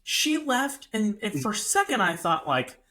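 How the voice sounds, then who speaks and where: A young man co-hosting a podcast, telling stories in a casual, animated way with comic exaggeration. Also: sits high, unhurried. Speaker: podcast co-host. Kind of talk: casual chat.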